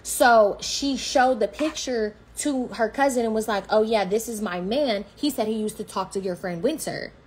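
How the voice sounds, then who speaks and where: A young woman, telling a story on a livestream in a blunt, slangy, profane, animated way. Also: on the high side, normal speed, few pauses, slightly rough.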